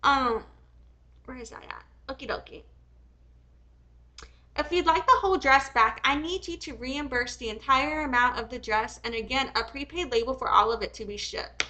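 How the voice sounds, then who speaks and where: Bright, high-voiced angry woman streamer. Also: moderate pace, rough recording. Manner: heated and profane, swings from reading calmly to angry outbursts; rambling, many restarts and filler ums. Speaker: commentary streamer. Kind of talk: reacting while reading messages aloud on a live stream.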